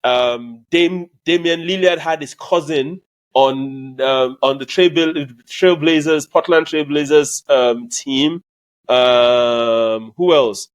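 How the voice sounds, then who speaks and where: A man co-hosting a sports podcast, talking casually with many ums and easy laughter. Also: fairly high pitch. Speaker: podcast co-host.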